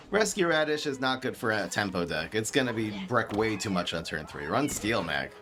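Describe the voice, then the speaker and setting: A man with a light New York-tinged East Coast accent, streaming a card game and thinking aloud in excitable, laughing commentary. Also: fairly low pitch, a little slow, long pauses, soft background music.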